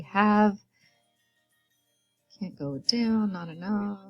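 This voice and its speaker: A woman's voice: mid-range voice, lively intonation, slow, pauses often, highs cut off, soft background music. A woman teacher giving patient, step-by-step morning work instructions to young children, counting aloud as she goes. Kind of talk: recorded classroom instructions.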